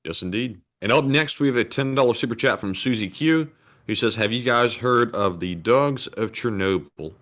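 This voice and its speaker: A man co-hosting a live stream who reads out viewer donations and messages in a steady, routine way. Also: medium pitch, moderate pace. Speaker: co-host reading viewer donations. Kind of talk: reading out super chats.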